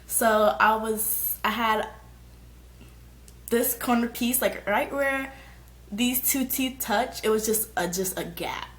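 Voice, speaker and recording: A young woman vlogger telling a story in a casual, slangy, animated way, shrieking when she quotes people. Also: a little high, slow pace, roomy sound. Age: young adult. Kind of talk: storytime vlog.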